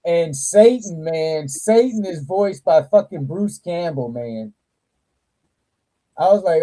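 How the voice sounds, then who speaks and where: A man hosting a casual live toy chat, talking with animated, profane energy and frequent laughter. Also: fairly high pitch, rough recording. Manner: animated, profane, laughs a lot, slow drawl. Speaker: toy channel livestream host.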